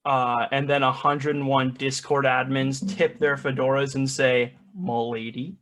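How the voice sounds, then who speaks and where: A teenage boy delivering quick improv one-liners, slipping into silly voices. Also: medium pitch, completely flat delivery, a bit bright, a little hiss or hum. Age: teens. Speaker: high school improv performer.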